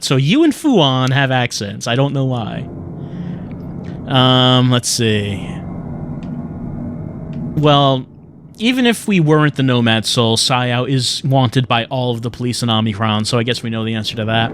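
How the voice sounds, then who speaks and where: A man's voice: medium pitch, animated, a little slow, smooth. A man giving sarcastic, joking commentary while playing a video game. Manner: sarcastic, self-mocking jokes. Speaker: let's play commentator. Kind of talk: casual gameplay commentary.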